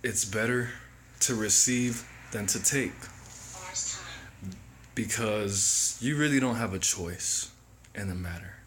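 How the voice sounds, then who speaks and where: Man, motivational monologue, deliberate and repetitive, slow, low voice, faint background hiss. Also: fairly bright tone. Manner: slow, deliberate, repeats phrases. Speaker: motivational speaker. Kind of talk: reflective monologue.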